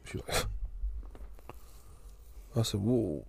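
A man, telling a long story in casual podcast chat and acting out both sides of the quarrel in a drawling, deadpan way. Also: on the low side, slow, vocal fry, slightly rough. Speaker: podcast co-host.

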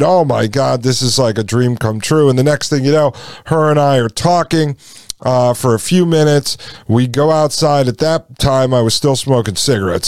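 Smooth-voiced man in his forties telling a story. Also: medium pitch, a little mellow, no echo, clean studio sound. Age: 40s. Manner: conversational, addresses listeners as folks. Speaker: podcast host. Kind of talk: personal storytelling monologue.

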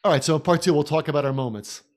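A man co-hosting a podcast who analyzes a film in a casual way and walks through scenes in lively detail. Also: on the high side, rapid-fire. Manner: animated storyteller, recounts scenes in detail. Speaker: podcast co-host.

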